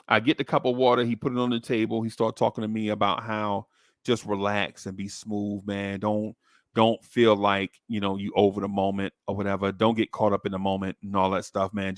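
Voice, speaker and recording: A man casually telling a long childhood story on a podcast, animating it with quick jumps into high voices for the people he quotes. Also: little pitch movement, no echo, clean studio sound.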